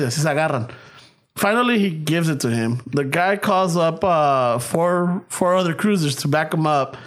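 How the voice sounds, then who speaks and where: A man tells a story among friends, animated and loose with his swearing. His voice sits a touch high, and he slides between English and Spanish mid-sentence. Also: moderate pace. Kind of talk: casual chat, storytelling.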